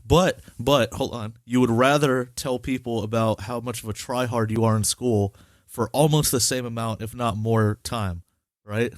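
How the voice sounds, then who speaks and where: A man's voice: medium pitch, steady tone, normal speed, no room sound, studio quality. Blunt, profane young man hosting a podcast. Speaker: podcast host. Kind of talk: casual chat.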